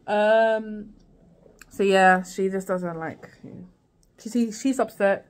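A woman reviewing a TV series speaks slowly at a medium pitch in a casual vlog. Her recap rambles, with lots of fillers and false starts, and she acts out lines as she goes.

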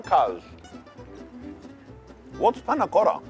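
An Australian man reviewing food in a casual vlog, talking in an excitable, slangy way. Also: sits high, measured pace, faint music behind. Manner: slangy and excitable, calls the viewer "cuz". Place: cafes and city streets.

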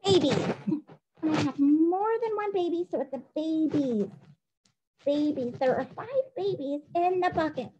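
A woman teacher giving a recorded phonics dictation lesson, playful and spelling things out clearly. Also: sits high, moderate pace, mellow, highs cut off, slight background noise.

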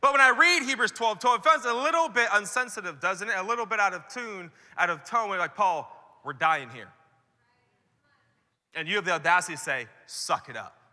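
A man's voice: sits high, animated, quick pace, hardly any pauses, bright, forceful tone, in a large hall. A man preaching a sermon to church leaders at a conference, talking casually and acting out the voices he quotes. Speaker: pastor. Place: large conference hall.

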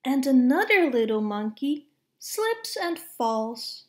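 A woman reading a picture book aloud to young children, expressive, with playful hushes and sound effects. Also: high voice, takes it slowly. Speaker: storybook reader.

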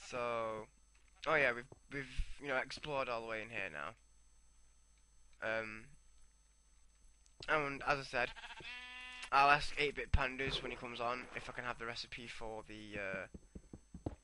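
Bright-voiced man narrating gameplay. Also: mid-range voice, fairly even intonation, a little slow, long pauses, a little hiss or hum. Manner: rambling, talks to himself while playing. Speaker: gameplay commentator. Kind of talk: casual gameplay commentary.

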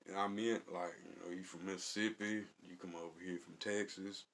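A man's voice: low-pitched, fairly even intonation, a little fast, a bit bright. A man telling rambling, colloquial stories in a casual vlog, chuckling often. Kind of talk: casual storytelling.

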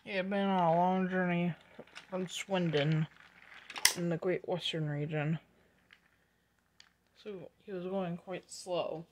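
A woman narrating a fan-made toy train story in a plain, unhurried way. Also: lowish voice, fairly even intonation, noisy background.

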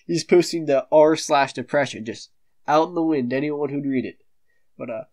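A teenage male comedic commentator ranting in a sneering, dismissive, slangy way, with slow, drawn-out delivery. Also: mid-range voice, darkish tone. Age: late teens. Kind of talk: satirical rant reading online posts.

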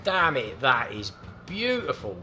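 A man's voice: mid-range voice, big pitch swings, measured pace, pushed and bright, slight background noise. A man hosting his gaming channel, giving casual, jokey, awestruck commentary as he plays.

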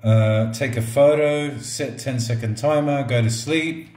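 Slow-talking middle-aged man, roomy room. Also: medium pitch. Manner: relaxed, joking, talks to the robot like a pet. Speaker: product reviewer. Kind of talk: casual product review vlog. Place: indoors at a table or counter.

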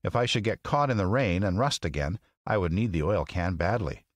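A man voicing a polite, grateful tin man, speaking slowly and deliberately in a raised voice. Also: deep voice, no room sound, studio quality. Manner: slow, raised, deliberate speech.

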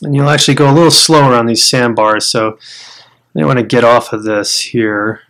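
An American man talking through a survival game at a mid pitch. He is chatty and explains each step to the viewers as he goes. Now and then he breaks into loud startled outbursts. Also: fairly even intonation, brisk. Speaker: gamer showing a survival game. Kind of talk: casual game commentary.

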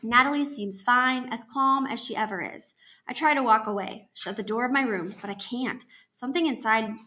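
A woman teacher reading a novel aloud to her class, telling the story in an expressive, steady way. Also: fairly high pitch, moderate pace.

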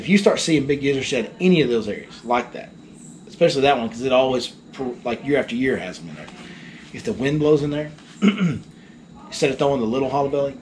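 A fishing guide telling a story in casual chat, animated and acting out the people in it. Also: male voice, mid-range voice, slight background noise.

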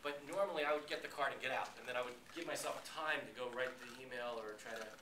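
Male guest speaker, lively storytelling to students, distant mic, noisy echoey room. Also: mid-range voice, quick pace. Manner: animated, acts out quotes, many restarts. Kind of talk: casual talk to students. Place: lecture room. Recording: echoey room from far off, background noise.

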